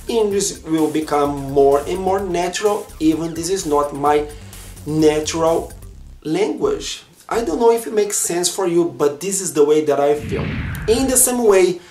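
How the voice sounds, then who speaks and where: A man's voice: fairly high pitch, a little mellow. A young Brazilian man whose first language is Portuguese talks earnestly to camera in a chatty vlog, with a Brazilian Portuguese accent. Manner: earnest and chatty, simple non-native phrasing. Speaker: vlogger. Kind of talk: casual talk to camera. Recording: echoey room with faint music.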